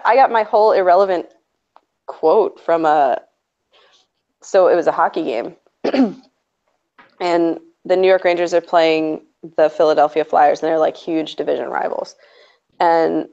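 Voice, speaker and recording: A woman's voice: lowish voice, gravelly, a little mellow. A woman hosting a stream in casual chat, sarcastic and chatty, laughing often. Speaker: stream host. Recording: dull lo-fi audio.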